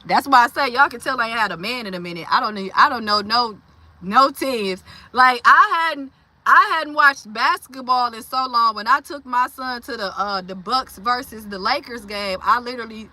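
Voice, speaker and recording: A woman's voice: on the high side, normal speed, pushed and bright. A woman in her forties hosting a casual livestream chat, talking loosely with lots of fillers and reading viewer comments aloud. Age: 40s. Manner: chatty, reads and answers viewer comments aloud; loose, slangy talk with many fillers. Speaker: livestream host.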